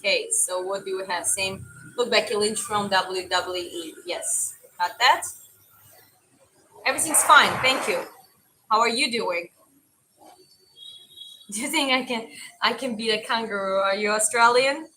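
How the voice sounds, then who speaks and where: A young woman with a mild Eastern European accent chats casually with viewers, answering their comments as she goes. Her voice is bright and clear at a middle pitch. A faint hum of noise sits behind her. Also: unhurried, long pauses, low-quality recording. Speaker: livestream host and boxing coach.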